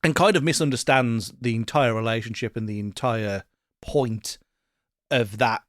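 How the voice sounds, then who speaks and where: Male podcast co-host, mid-pitched, animated and sweary, dry close mic. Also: moderate pace, no room sound. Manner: animated, laughing often, sweary. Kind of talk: casual chat.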